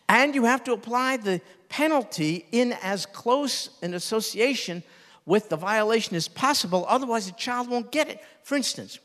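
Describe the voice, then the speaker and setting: An older male pastor preaches a sermon in an earnest voice that sits a little high. He drops low and soft when he quotes tender words, and his voice carries a long reverb.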